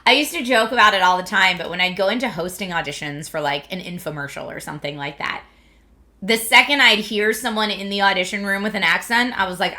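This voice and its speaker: A woman from the Philadelphia area, USA, chats casually with her viewers from a home streaming setup in California, reading their comments and laughing often. Her medium-pitched voice is bright and forceful, a little fast.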